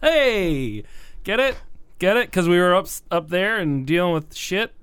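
A man's voice: sits high, sing-song, measured pace, fairly bright tone, a little hiss or hum. A man playing a tabletop game, bantering and joking with the game master. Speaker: player.

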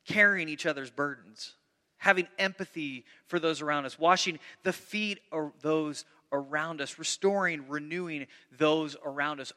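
A man preaching a sermon as pastor, earnest, swinging between loud emphasis and soft, hushed asides. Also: a little high, long reverb tail.

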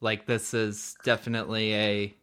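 A man hosting a casual podcast chat, relaxed, asking short questions. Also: lowish voice, normal speed, clean tone. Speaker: podcast host.

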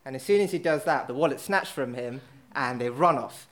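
A man's voice: mid-range voice, fairly quick, fairly bright tone. Rambling man telling a pub anecdote. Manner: rambling, filler-heavy, self-mocking. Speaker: storyteller at a live event. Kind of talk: casual anecdote.

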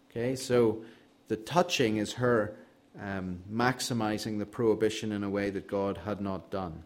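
A man's voice: fairly low pitch, steady tone, normal speed. A man preaching an expository sermon, earnest and emphatic, with a dry sense of humor.

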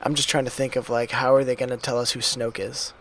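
A man's voice: medium pitch, little pitch movement, fast, fairly bright tone, a little hiss or hum. A man co-hosting a casual film podcast, musing aloud in an easygoing way. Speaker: podcast co-host.

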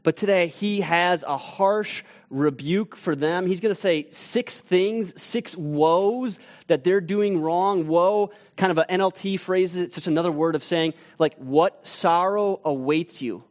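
A man on a church teaching team, telling a vivid story in a casual sermon with restarts and asides, sinking to a hush at tense moments. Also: sits high, measured pace, hardly any pauses.

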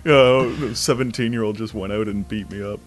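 A man's voice: on the low side, brisk. A young man casually telling stories, acting out the voices of the people in them. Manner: animated, acts out voices of people in his stories. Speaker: storyteller. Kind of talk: casual storytelling chat.

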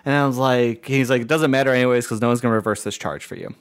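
A man spins a story in easy, casual chat, jumping into the voices of the people he quotes. His talk is loose and full of "like", and his voice sits at an ordinary middle pitch. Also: very fast, clear, resonant tone. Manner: animated, acts out quoted dialogue, lots of "like" fillers, laughs between lines. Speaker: podcast co-host and streamer.

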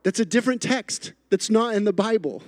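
High-voiced preacher telling a story. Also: male voice, fairly quick, no room sound. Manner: animated storytelling, repeats phrases for emphasis. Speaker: pastor. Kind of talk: sermon.

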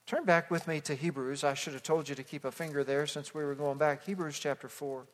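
High-voiced preacher in a reverberant hall. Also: male voice, fairly even intonation, fairly quick. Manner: expository preaching with calls to the congregation; swings from hushed to loud emphasis. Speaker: pastor. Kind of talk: sermon. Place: church sanctuary.

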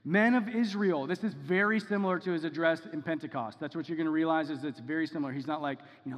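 A man's voice: fairly high pitch, fast, few pauses. A man preaching a sermon in a casual, conversational way, often checking in with "okay?" and "right?". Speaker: pastor. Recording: dull sound with long reverb in a hall.

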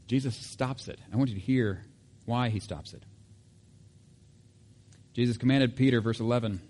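A man's voice: mid-range voice, normal speed, long pauses, darkish tone, slightly rough. A man preaching a sermon in a casual, conversational way, with asides and self-corrections. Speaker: pastor.

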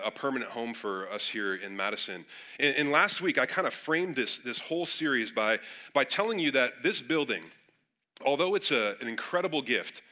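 A man's voice: medium pitch, pushed and bright. A young adult man, a pastor, giving a casual sermon, slightly nasal and congested, often repeating words as he starts phrases. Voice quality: a little nasal. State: congested from a cold.

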